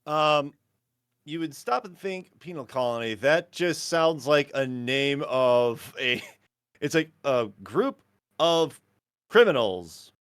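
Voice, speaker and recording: Animated game master narrating, dry sound. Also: male voice, on the high side, slow pace, clear, resonant tone, no echo. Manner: casual, laughs often, fills with "like".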